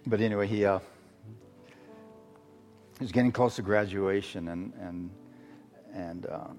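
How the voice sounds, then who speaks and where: A middle-aged man from Arizona, a guest preacher telling a story as a sermon testimony, halting, with many fillers and restarts. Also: fairly low pitch, a little mellow. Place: church sanctuary. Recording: long hall reverb with faint music.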